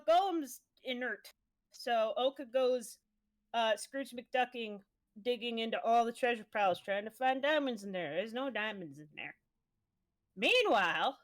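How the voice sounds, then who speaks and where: A woman streamer casually recapping a tabletop game session, swearing freely as she tells it. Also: on the high side. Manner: profane, breezy storytelling.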